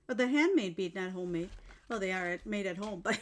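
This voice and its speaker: A woman's voice: mid-range voice, animated, moderate pace. A woman vlogger chatting casually to her viewers while unboxing, gushing and exclaiming with delight, filmed in a bedroom at home. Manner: gushing, effusive, exclaims often. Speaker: jewelry-making vlogger. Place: home bedroom used as filming room.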